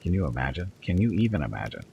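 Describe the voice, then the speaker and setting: Sly kobold bard guy, lecturing, kinda cold and probing, man doing the voice a bit higher than his own low one. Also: big pitch swings, quick pace, vocal fry, dark tone, muffled recording, slight background noise, full character voice. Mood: grave. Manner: probing, lecturing, cold when talking of traitors. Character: sly, hard-edged male kobold bard traveler. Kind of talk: reading game dialogue aloud.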